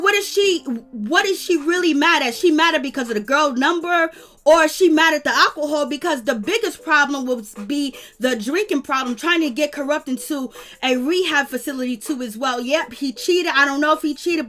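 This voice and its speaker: A woman, chatting casually and animatedly while she recaps a reality show live. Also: high voice. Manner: animated, slangy, breaks into quick prayer. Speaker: reality TV reviewer.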